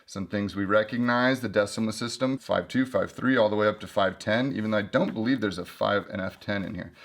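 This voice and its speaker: Man, casual vlog host, fairly low pitch, chatty, joking. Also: a little fast. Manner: chatty and joking, flips through pages. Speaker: host reviewing an old climbing guidebook. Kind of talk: casual book review vlog.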